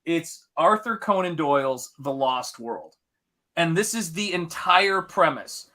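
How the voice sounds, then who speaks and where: Bright, high-voiced male podcast host. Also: slow. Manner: animated storyteller, acts out quotes in a higher voice. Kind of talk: casual podcast chat.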